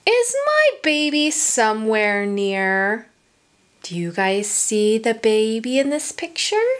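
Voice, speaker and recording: Slow, lively woman reading a picture book. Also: on the high side. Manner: sing-song, with whispered asides to the children; asks the listening children questions. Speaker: children's story time reader. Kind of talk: reading a picture book aloud to young children.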